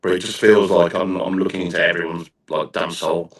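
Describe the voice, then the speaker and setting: Recorded from afar in a reverberant room, this Black Country-accented host talks low, a little fast and with little pitch movement. He keeps the interview chat casual, musing aloud and rambling as he starts his sentences over.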